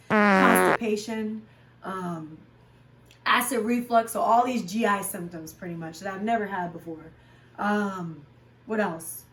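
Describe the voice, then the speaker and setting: A candid woman in a relaxed vlog chat, talking openly with plenty of ums and likes. Her voice sits at an ordinary pitch and comes from a little way off the mic. The room around her adds a noticeable echo. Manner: frank and chatty, with many fillers. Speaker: fitness vlogger and class instructor. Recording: roomy sound, voice from a distance.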